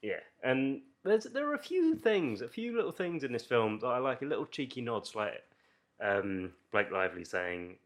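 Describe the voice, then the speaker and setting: A man's voice: medium pitch, big pitch swings, normal speed. A man co-hosting a movie review podcast, joking in casual chat. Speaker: podcast co-host.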